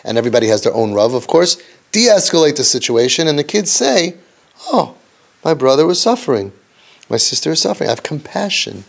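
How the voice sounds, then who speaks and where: A man, a parenting counselor, gives an impassioned, preachy lecture, dropping low and soft and then rising for emphasis, with Yiddish and Hebrew terms mixed in. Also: creaky.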